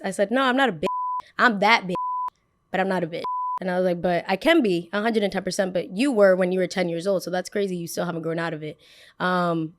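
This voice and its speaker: A young woman hosting a podcast, telling a personal story in a sassy, animated way and acting out both sides of the conversation. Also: mid-range voice, brisk. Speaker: podcast host. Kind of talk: casual storytelling.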